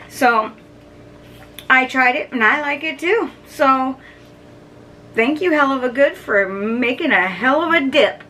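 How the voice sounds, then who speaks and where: A middle-aged woman, a food vlogger, chats casually to camera as she tastes and reviews snacks, humming and chewing between bites. Her voice sits high and sounds animated, bright and forceful, and she takes it slowly with long pauses. The mic is distant, with faint background noise.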